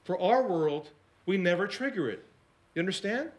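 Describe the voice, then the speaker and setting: A man giving a storytelling talk as a sales coach, dropping to a hush for quoted lines and rising high when excited, often asking the audience questions. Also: moderate pace. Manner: animated, swings between hushed quoted lines and high excited narration; repeats and restarts words, asks the audience questions.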